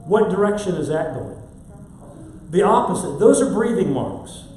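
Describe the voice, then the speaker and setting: Man, Bible class teacher, fairly high voice, very roomy church recording. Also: big pitch swings, moderate pace, darkish tone. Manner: explains step by step, asks the class questions. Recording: very echoey room, faint hum.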